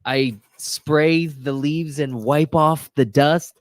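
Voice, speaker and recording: A man's voice: fairly high pitch, steady tone, slow pace, no room sound. A young man co-hosting a casual chat, laid-back and rambling, laughing easily. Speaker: YouTube co-host.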